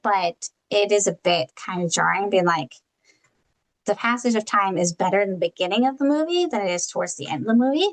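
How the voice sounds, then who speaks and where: Mid-pitched woman, casual podcast co-host. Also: animated, fairly quick, low-quality recording. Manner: conversational, hedging with fillers. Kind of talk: casual book-and-film review chat.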